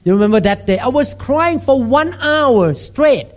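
A man preaching a sermon as a pastor, emphatic and repetitive, acting out scenes with sudden shouts. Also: extremely high pitch, expressive, unhurried. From Thailand.

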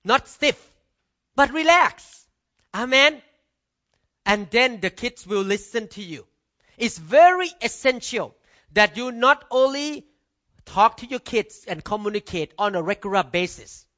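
A man's voice: very high voice, lively intonation, a little slow, pushed and bright. A middle-aged male pastor, preaching emphatically and punctuating points with "Amen.". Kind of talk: sermon. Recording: dull lo-fi recording.

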